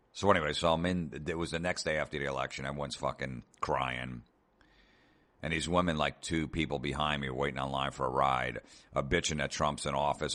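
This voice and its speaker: A man with an extremely deep, low voice rants his way through a comedy podcast monologue. He talks sarcastically, swears constantly and keeps telling listeners to relax. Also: fairly bright tone. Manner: profane, sarcastic ranting. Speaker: podcast host.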